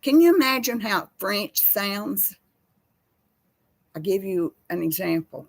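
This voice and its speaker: An older Texan woman chatting casually from her kitchen, drawing each word out slowly in a folksy, y'all-filled way. Her voice has a gravelly, fry-laden texture, recorded dry and close. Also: medium pitch, lively intonation, no room sound. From Texas. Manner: slow folksy drawl, says y'all. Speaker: host. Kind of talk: casual chat with live chat viewers.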